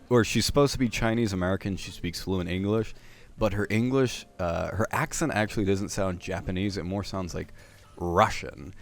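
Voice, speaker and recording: A man's voice: low-pitched, gravelly. A young man hosting casual anime commentary, rambling with many fillers and restarts.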